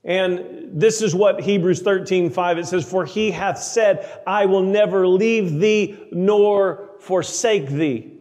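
A man preaching a sermon, emphatic, slowing down to read scripture aloud. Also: high-pitched, a little mellow, big-room sound. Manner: emphatic, slows for scripture readings.

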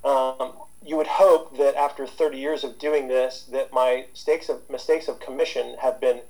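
A man's voice: mid-range voice, steady tone, moderate pace, darkish tone, rough recording. A man in his fifties, a therapist being interviewed, talking casually with lots of fillers and restarts. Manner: rambling, with many fillers and restarts. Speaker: guest therapist.

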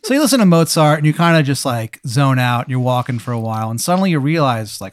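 A man telling a rambling, deadpan improvised story, full of fillers. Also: medium pitch, brisk, no echo, clean studio sound.

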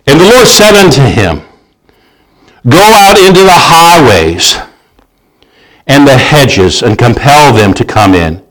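Preaching man, lifts his voice for scripture. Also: poor audio. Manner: reads scripture aloud in a raised, slowed voice, then drops to a low conversational aside; repeats and restarts words while preaching. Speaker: pastor. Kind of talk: sermon.

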